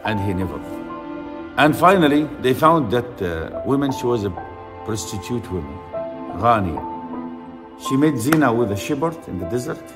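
A man's voice: mid-range voice, very animated, normal speed, pauses often, in a large hall, music in the background. A man with an Arabic accent preaching a storytelling sermon, acting out the characters in his tale and reciting Arabic verses.

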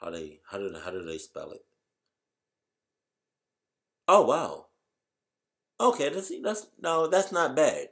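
A man chatting casually to his viewers in a reaction vlog, full of slang and sudden loud exclamations. His pitch leaps and swoops with lively expression, from quiet mumbles to high-pitched outbursts. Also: slow pace, pauses often. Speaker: YouTuber.

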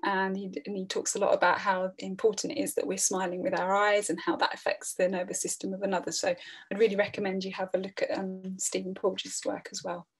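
Middle-aged woman giving a webinar, calm earnest talk, pretty flat tone, lots of restarts. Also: medium pitch, brisk, husky. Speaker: webinar presenter. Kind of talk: online training talk.

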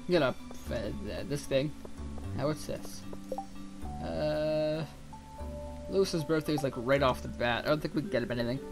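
A man giving casual, rambling gameplay commentary as a let's player. He swears freely and thinks out loud. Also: on the high side, fairly even intonation, normal speed, pauses often, over music. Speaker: let's play gamer.

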